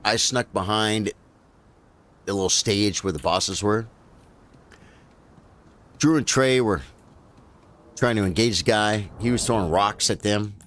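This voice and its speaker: A man's voice: fairly low pitch, unhurried, pauses often, a bit bright, slight background noise. A man giving casual live commentary as he plays a video game, talking to his viewers as bro and folks. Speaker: gaming streamer.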